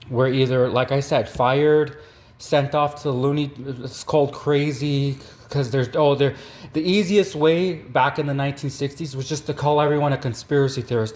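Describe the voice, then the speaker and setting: Rambling deadpan Canadian comedian. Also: male voice, on the high side. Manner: rambling, deadpan, many fillers. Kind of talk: deadpan satirical monologue.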